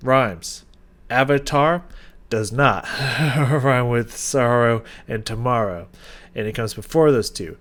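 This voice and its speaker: A man hosting a music reaction, talking casually with excited, rambling enthusiasm and lots of restarts. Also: mid-range voice, slow. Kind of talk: casual reaction and song analysis.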